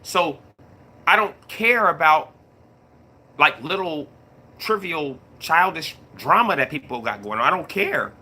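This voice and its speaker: Casting: middle-aged male streamer, somewhat high voice, very bright and forceful, laid-back chat to viewers. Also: lively intonation, a little slow, pauses often, breathy edge. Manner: laid-back, repeats himself, greets chat mid-story. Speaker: YouTube live streamer. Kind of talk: casual livestream talk to viewers.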